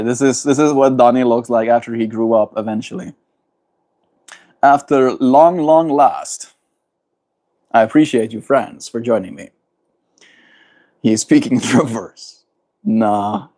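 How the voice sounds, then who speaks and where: A man with a South African accent chatting gently on a livestream, greeting viewers and laughing often. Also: medium pitch, measured pace, long pauses. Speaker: livestreamer reading chat. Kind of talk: casual livestream chat.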